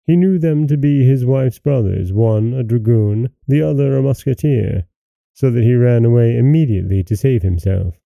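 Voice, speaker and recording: Male storyteller, measured fairy-tale narration, low and gravelly. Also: dark tone, no echo. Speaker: host and storyteller.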